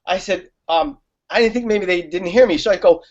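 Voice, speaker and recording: On a talk show, a male guest with a high voice speaks a little fast, swapping stories casually while laughing often and leaning on fillers. The recording sounds muffled and lo-fi.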